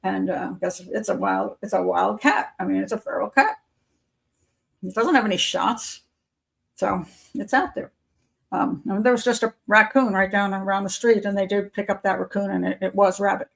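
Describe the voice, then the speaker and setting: Older woman with a gravelly, creaky voice. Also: mid-range voice, fairly even intonation, moderate pace. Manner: rambling and chatty, with frequent fillers and restarts. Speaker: host of a live patron chat show. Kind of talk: casual live-stream chat.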